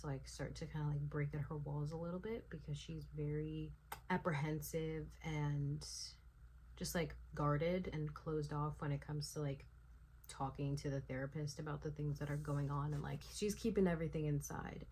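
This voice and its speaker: A young woman vlogging her reactions to a book, animated and ranting, full of "like" fillers and the odd swear. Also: sits low, a little hiss or hum. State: sleepy late at night. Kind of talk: casual reading vlog reactions.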